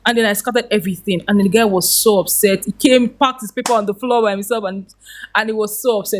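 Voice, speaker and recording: A woman's voice: medium pitch, fairly quick. A woman, a podcast guest telling her story animatedly and laughing often.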